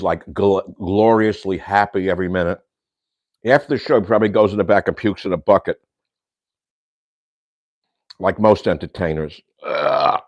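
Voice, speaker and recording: Broadcasting live from his own kitchen, an older man with a very deep voice rants and rambles, peppering his talk with insults and Yiddish slang. The recording is dry and close, free of room echo.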